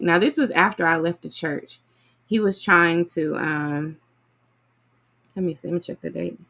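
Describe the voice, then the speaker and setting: A woman chats casually and animatedly to her listeners. Her voice sits low and has a gravelly edge. She rambles warmly from thought to thought. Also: unhurried, long pauses. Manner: chatty, animated, says y'all often. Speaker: vlogger reviewing a book. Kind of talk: casual chat.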